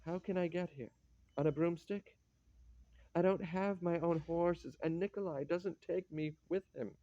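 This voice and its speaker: Man reading as a sardonic old count, mocking and bitter, a bit high-pitched, mellow tone, dull dry sound. The teasing never lets up. A stage-play nobleman gone sour. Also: a little slow, no room sound, natural voice. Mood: wistful.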